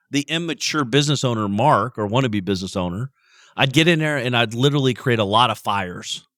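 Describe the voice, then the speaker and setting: A man's voice: medium pitch, a bit bright, no room sound, clean studio sound. A man hosting a podcast, recorded outdoors while he has a head cold. He talks bluntly and with emphasis, and he swears a lot. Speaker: podcast host. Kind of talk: motivational monologue. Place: outdoors out back.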